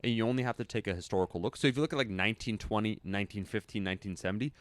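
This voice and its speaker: A man's voice: on the low side, racing, no room sound. A man co-hosting a podcast in a studio, telling rambling stories with lots of fillers in casual chat. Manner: rambling, animated storytelling with fillers. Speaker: podcast co-host.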